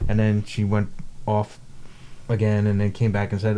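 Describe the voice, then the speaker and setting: A man's voice: on the low side, completely flat delivery, normal speed, warm tone. A man co-hosting a podcast, telling a story in casual chat, acting out the people he quotes and swearing now and then. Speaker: podcast co-host.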